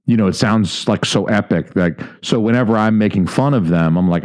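A man with a fairly low voice co-hosts a casual podcast. He riffs with crude humor and slips into mock-preachy bits. His delivery stays loose and conversational. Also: big pitch swings, fairly quick, a little mellow. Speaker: podcast co-host.

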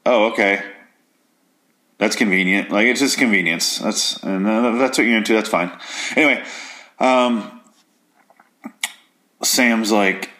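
A man with a low voice rambles through a comedic review monologue. He swears freely, sidetracks often, and keeps a sardonic edge on everything. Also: unhurried, pauses often, sharp tone. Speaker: podcast host reviewing a show.

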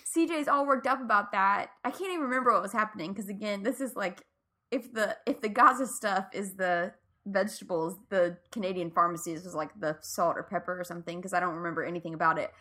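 A woman in a casual TV recap chat, animated and often laughing as she talks through scenes. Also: medium pitch, fast talker. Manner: animated, laughs often, quotes lines in funny voices.

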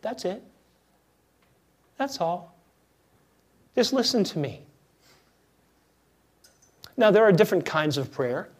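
High-voiced pastor man preaching. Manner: conversational, jokey, swings between hushed and loud. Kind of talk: sermon.

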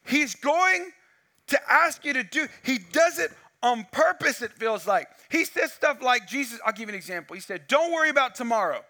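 A pastor with a very high-pitched voice preaches a sermon at normal speed over a wireless mic. He tells a story with animated delivery, acting out lots of the dialogue himself.

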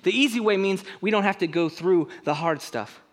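Animated, higher-voiced male pastor preaching. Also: normal speed. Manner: conversational and animated, with joking asides. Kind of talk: sermon.

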